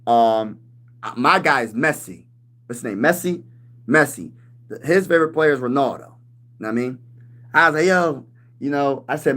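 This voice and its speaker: A man in his thirties hosting a casual sports livestream, talking loose and slangy, calling everyone "bro" and breaking into shouts when he gets riled up. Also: fairly high pitch, animated, normal speed, pauses often. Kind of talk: casual livestream chat reading comments.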